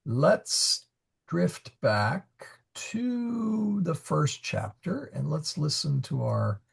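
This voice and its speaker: A man teaching a Latin class, explaining grammar patiently with fillers and pauses. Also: fairly high pitch, sing-song, vocal fry, husky.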